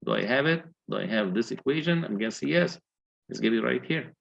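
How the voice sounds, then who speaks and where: A man's voice: medium pitch, expressive, quick pace, creaky, lo-fi sound. A man lecturing on engineering, working through calculations step by step and putting questions to his students. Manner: methodical, asks the class questions.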